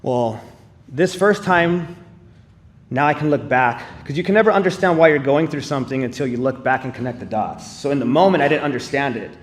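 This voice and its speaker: A man's voice: medium pitch, animated, brisk. A man giving a live testimony in church, telling his story in an earnest, conversational way with casual fillers. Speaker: speaker sharing a personal testimony.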